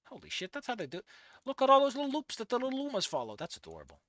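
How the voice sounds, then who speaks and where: Lively bright-voiced exasperated woman commentator. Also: very fast, no echo. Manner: exasperated, swears freely, yells at characters; laughs often, trails into low mutters. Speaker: fanfic reader and commentator. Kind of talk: casual reaction commentary.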